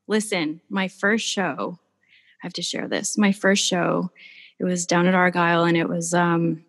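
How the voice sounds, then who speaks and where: A woman's voice: lowish voice, fairly even intonation, measured pace. Woman, artist guest, gushing storyteller, casual chat, reverberant sound.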